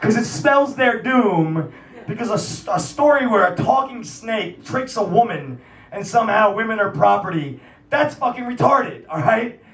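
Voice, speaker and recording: A man's voice: high voice, animated, moderate pace, fairly bright tone, recorded from a distance. A man hosting a live music night, ranting profanely with rambling filler-heavy talk, then introducing the next act, in a small cafe venue. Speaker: festival host and MC. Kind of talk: stand-up rant and act introduction. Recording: roomy live room, mic from afar.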